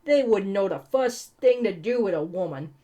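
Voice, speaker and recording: A woman's voice: medium pitch, expressive, normal speed, dark tone, lightly acted. A woman voicing a cocky young male knife thrower in a put-on Cockney accent that drifts toward Australian. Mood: teasing.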